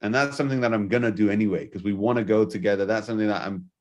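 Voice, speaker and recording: Man, podcast host, low voice, earnest, enthusiastic, casual spiritual chat. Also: a little mellow. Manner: earnest, enthusiastic, quick bursts.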